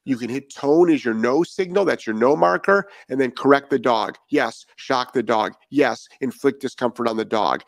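A man's voice: mid-range voice, moderate pace, creaky, hardly any pauses, no echo. A man talking as a dog trainer in a podcast monologue, blunt and profane and firing off rhetorical questions.

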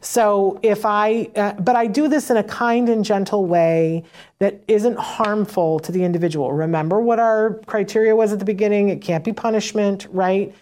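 A woman's voice: mid-range voice, normal speed. Chatty woman explaining teaching tips. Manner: conversational, often checks in with "right?"; acts out short exchanges in a lively voice. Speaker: parent educator on autism teaching. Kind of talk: casual instructional talk.

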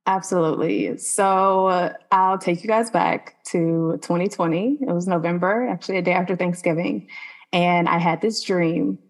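A woman with a somewhat low voice tells a personal faith testimony in a podcast interview. She talks earnestly and conversationally, with frequent "like" fillers. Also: fairly even intonation, normal speed. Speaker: podcast guest.

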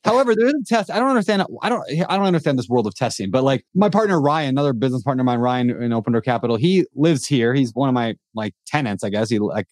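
A man talks at a rapid clip in a casual podcast chat, rambling through loose sentences packed with "like" and false starts. His voice sits at a middling pitch and sounds dry and close, with no room around it. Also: animated, darkish tone, no room sound. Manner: fast, rambling, full of "like" and restarts. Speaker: podcast guest, real estate investor. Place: home in Hawaii.

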